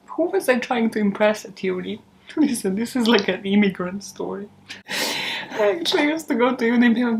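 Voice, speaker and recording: A woman who hosts a true crime channel, chatting casually in outtakes, giggling, mocking herself and swearing freely. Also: mid-range voice. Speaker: true crime YouTube host.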